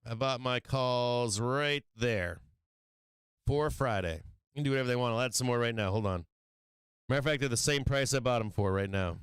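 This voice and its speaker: A man's voice: medium pitch, normal speed, a bit bright, smooth, no room sound. A man hosting a stock trading live stream, talking casually, swearing and venting frustration about his trades.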